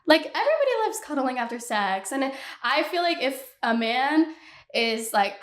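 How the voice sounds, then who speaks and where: A woman in her twenties hosting a podcast, ranting in casual, blunt chat that is animated and full of swearing. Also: on the high side, unhurried. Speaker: podcast host. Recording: echoey room.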